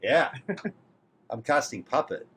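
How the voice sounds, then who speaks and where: A man's voice: mid-range voice, expressive, takes it slowly, a bit bright, a little hiss or hum. A man playing a tabletop game, theatrical and blunt by turns. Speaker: player. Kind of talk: casual tabletop play.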